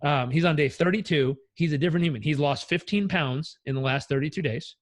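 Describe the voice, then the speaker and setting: Energetic, blunt male life coach. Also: fairly high pitch, brisk, no echo. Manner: energetic, blunt, swears freely. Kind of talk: casual interview storytelling.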